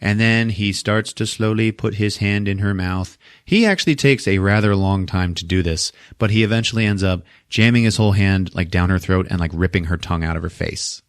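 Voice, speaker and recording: A man recaps a horror movie in a loose, swearing, animated style, laughing between beats. His voice is lowish, and the recording is dry and close. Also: fairly quick, few pauses, clean tone, no echo. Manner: profane, laughing, animated storytelling. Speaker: podcast host.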